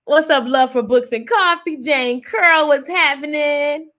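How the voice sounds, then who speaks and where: A woman's voice: sits high, measured pace, bright, forceful tone. Upbeat woman live streaming from her phone. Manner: upbeat, hypes viewers and greets commenters by name; chatty, with fillers and restarts. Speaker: online business coach hosting a live stream. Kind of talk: casual live stream chat with viewers.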